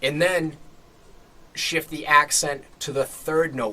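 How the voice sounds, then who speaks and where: A man's voice: a little high, slow pace, background noise. A man teaching a drum lesson, explaining step by step and often checking in with "okay?". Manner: relaxed explaining, frequent "okay?" check-ins.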